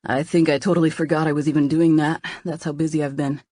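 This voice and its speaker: A woman's voice: low voice, little pitch movement, fast talker, dark tone, dry recording, clean studio sound. A woman voicing a confident young man who jokes and teases playfully. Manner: teasing, playful.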